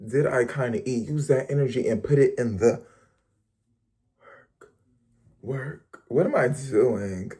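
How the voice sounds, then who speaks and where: A young man in a casual vlog, talking straight to his viewers with a playful, chatty ease. He drifts into slangy asides and quick jokes as he goes. His voice sits at an ordinary middle pitch. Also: warm tone. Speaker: vlogger. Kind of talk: casual motivational talk to camera.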